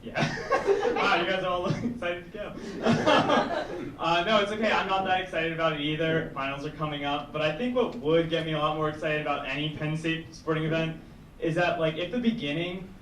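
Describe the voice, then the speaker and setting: A young adult stand-up comedian with a fairly high voice performs in a small indoor comedy room, speaking a little fast with fairly even intonation. He rambles and chuckles at his own jokes, picked up by a distant, echoey room mic amid audience laughter and noise.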